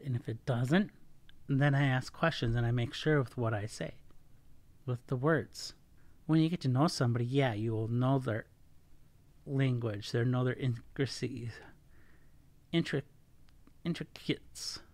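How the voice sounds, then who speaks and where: A man's voice: mid-range voice, no room sound. A middle-aged man talks through a casual solo podcast in an earnest, unpolished way, catching and correcting himself as he goes. His voice sits in an ordinary middle register. The sound is dry and close, with no room around it. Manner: earnest, self-correcting, stumbles over words. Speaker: podcast host.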